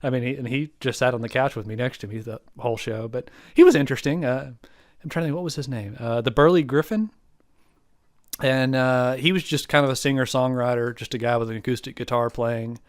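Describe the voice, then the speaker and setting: A man's voice: mid-range voice, a little fast, no room sound, clean studio sound. A young man from the United States, co-hosting a podcast in casual chat, rambling through a reflective story. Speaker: podcast co-host.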